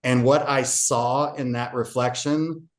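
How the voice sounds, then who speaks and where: A man's voice: mid-range voice, fairly even intonation, takes it slowly. A man guest on a podcast, earnestly recounting a personal story with frequent fillers and restarts. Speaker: podcast guest, real estate agent.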